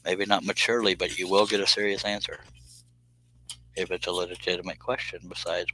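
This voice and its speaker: A man's voice: low voice, little pitch movement, brisk, bright, forceful tone, a little hiss or hum, rough recording. A man chatting casually and joking about himself while he cuts wood on a live stream. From central United States. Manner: joking, self-deprecating, talks while scroll-sawing.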